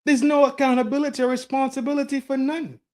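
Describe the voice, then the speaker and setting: A man's voice: very high-pitched, level tone, fast talker, a little mellow. A man on a casual call-in show, talking in a preachy way and repeating words as he works through his point.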